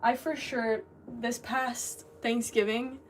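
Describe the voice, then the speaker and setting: A chatty woman potter rambles to her livestream viewers as she works. Her voice sits a little high and comes from some distance off the mic. A steady machine hum runs under her talk in the studio. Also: slow pace. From United States. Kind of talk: casual livestream chat while working.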